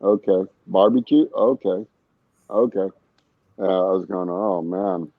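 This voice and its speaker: A man talks in a loose, rambling way, cursing freely and circling back to his points. His voice sits a bit low, and the sound is dry and dull like a cheap voice chat mic. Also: slow, no room sound. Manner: rambling, profane, laid-back. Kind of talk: casual chat.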